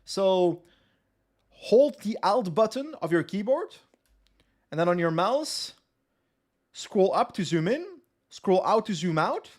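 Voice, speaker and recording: Slowly and with frequent pauses, a young man from West Flanders, Belgium, streams a cycling game, giving casual commentary in a Flemish accent; West Flemish Dutch is his first language. His high voice has a darkish tone and big pitch swings, and he chattily reads his chat aloud and responds.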